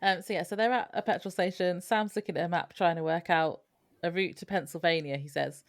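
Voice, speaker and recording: Woman, podcast co-host, deep for a woman, relaxed recapper. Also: a little fast. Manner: easygoing, laughs often, filler-heavy. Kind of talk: casual episode recap.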